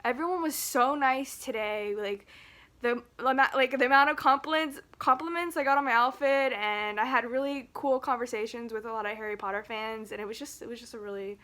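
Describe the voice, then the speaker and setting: A woman vlogging to a phone camera, rambling and halting with nervous laughs, emotional and near tears. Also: fairly high pitch, pushed and bright. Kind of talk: casual talk to camera.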